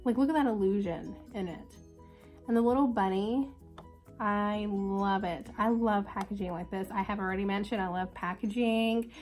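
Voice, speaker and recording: A woman's voice: medium pitch, normal speed, darkish tone, faint music behind. A young woman with a congested, sick voice chatting casually and upbeat through a makeup tutorial. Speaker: beauty vlogger.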